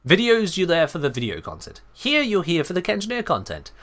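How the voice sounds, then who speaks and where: A British man talking through a game on a live stream, chatty and animated. His pitch moves a lot, and his tone is bright and forceful. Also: a little fast. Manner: chatty, animated, self-correcting. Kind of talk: casual live-stream commentary.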